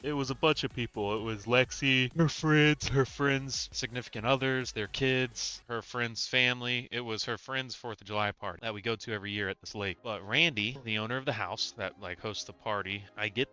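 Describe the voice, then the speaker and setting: A young man casually telling a wild story on a podcast, animated, swearing freely and peppering his talk with fillers. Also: medium pitch, normal speed, few pauses, smooth, soft background music.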